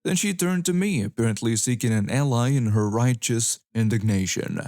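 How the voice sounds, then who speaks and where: A man's voice: medium pitch, animated, moderate pace, a little mellow, dry recording. Dry, close-miked male story narrator. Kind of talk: scripted narration of reader stories.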